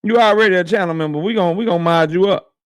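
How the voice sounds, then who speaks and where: This man hosts a boxing live stream, reading the chat aloud and riffing loosely, full of profanity, slang and trash talk. His voice is high, quick, clear and resonant.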